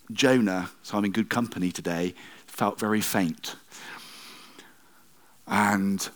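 A man preaching a sermon, retelling the story in a conversational way with wry asides and swings between loud emphasis and hushed moments. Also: on the low side.

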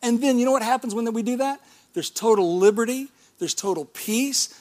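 A man's voice: very high voice, normal speed, darkish tone. A middle-aged male pastor preaching a sermon in a church, talking in a conversational way with rhetorical questions and calls of amen.

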